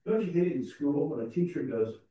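A man's voice: a little high, expressive, a little fast, warm tone. A man preaching a conversational, self-deprecating sermon in a church, often restarting his sentences. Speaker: pastor. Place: church sanctuary. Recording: roomy, distant, dull sound.

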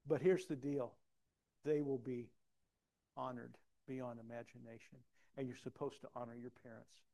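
A man preaching a personal testimony, acting out dialogue and swinging from soft to loud. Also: medium pitch, normal speed, gravelly. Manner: animated, acts out dialogue, big swings in loudness. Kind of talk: sermon storytelling.

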